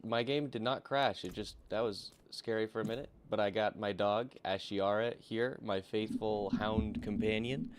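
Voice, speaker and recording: A man hosting a game stream, teasing his co-host and spinning deadpan stories. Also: fairly low pitch, normal speed, hardly any pauses, background noise. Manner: teasing, deadpan storytelling with many fillers. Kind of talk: casual in-character banter.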